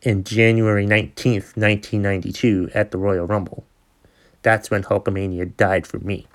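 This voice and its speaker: A man in his forties speaks in a lowish voice and tells a story as a podcast host. He rants, swears freely and sounds exasperated, with a loose, conversational manner. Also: flat delivery, moderate pace. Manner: ranting, profane, exasperated. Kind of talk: casual storytelling monologue.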